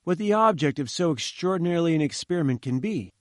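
A man's voice: a little high, lively intonation, quick pace, dry recording, clean studio sound, voice pushed up, lightly acted. A man voicing a polite, earnest male engineer in an audiobook reading.

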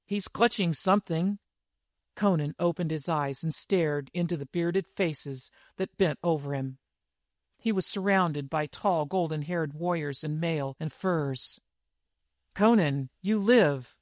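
A man narrating a dramatic fantasy story in a vivid, measured reading. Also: a little high, no room sound, studio quality. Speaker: audiobook narrator.

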